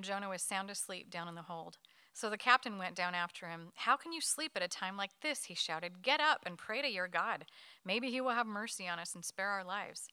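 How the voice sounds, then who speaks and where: A woman leading a Bible study, reading a scripture passage aloud to her group at a quick pace. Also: medium pitch, clear, resonant tone, no echo, clean studio sound. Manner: quick, lively reading with light laughs.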